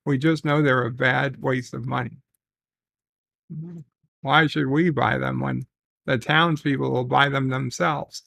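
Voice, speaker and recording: Gravelly man hosting a livestream. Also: mid-range voice, steady tone, measured pace, fairly bright tone, dry recording. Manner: rambling, reads chat messages aloud with filler ums. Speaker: livestream host. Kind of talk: casual livestream chat.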